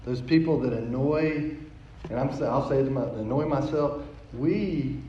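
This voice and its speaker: A man's voice: medium pitch, measured pace, mellow, slight background noise. A man preaching a sermon as pastor, telling a story in a conversational way and often repeating words as he goes. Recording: echoey, dull sound from a distant mic.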